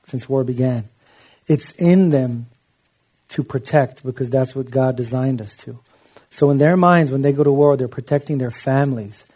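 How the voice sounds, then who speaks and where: A man's voice: mid-range voice, warm tone. A man preaching a sermon in an impassioned, conversational way, with frequent asides to his listeners.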